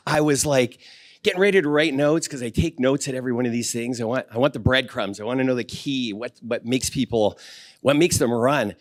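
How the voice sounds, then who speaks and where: A man in his fifties giving a keynote talk at a conference, earnest and self-deprecating, pausing on fillers and choking up a little. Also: medium pitch. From Canada. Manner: earnest and self-deprecating, with frequent fillers and restarts, getting emotional. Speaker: keynote speaker.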